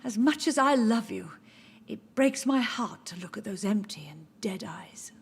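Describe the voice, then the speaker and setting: An actress playing a grieving, confused elderly mother who speaks softly and sorrowfully. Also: medium pitch, expressive, a little slow. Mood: sad, tender. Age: older. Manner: soft, sorrowful, gently insistent.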